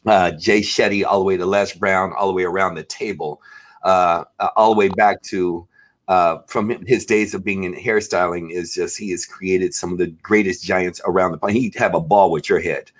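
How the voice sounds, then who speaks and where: A man's voice: sits low, steady tone, normal speed. A man hosting a casual chat show over a video call, talking in long, rambling, effusive runs full of fillers. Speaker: host.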